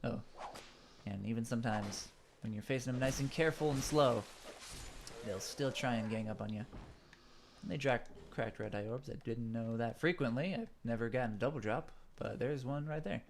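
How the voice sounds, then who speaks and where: A man's voice: medium pitch, moderate pace, gravelly. Man, stuffed-up nose, casual game commentary, rambling, faint background noise. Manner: rambling, full of fillers and asides. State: a little stuffed up. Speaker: gaming channel host.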